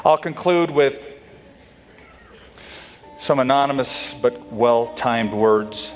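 A man preaching a sermon with an animated delivery, slipping into mock voices for quotes. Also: mid-range voice, slow pace, soft background music. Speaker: pastor.

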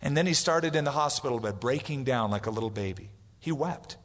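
A pastor preaching in a reverberant hall. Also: male voice, mid-range voice, animated, a little fast. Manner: storytelling, acts out quoted voices. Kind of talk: sermon.

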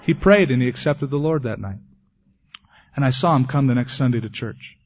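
Male pastor, mid-pitched, earnest sermon delivery, lo-fi 1980s tape sound. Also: normal speed. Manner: earnest preaching, ending in a quiet prayer.

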